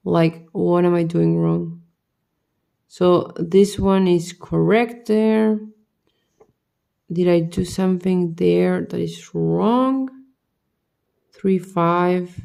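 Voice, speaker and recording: A woman's voice: on the low side, fairly even intonation, very slow, gravelly, pauses often, warm tone, smooth. A tired woman vlogger talking to herself as she builds a model kit, muttering the same questions over and over. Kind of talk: casual talk while building.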